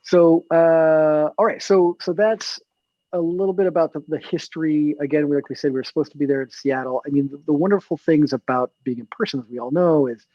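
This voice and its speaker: A man's voice: on the high side, steady tone, fairly quick, no echo, highs cut off. A man hosting a casual chat over a video call, rambling along with lots of fillers and restarts. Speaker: host.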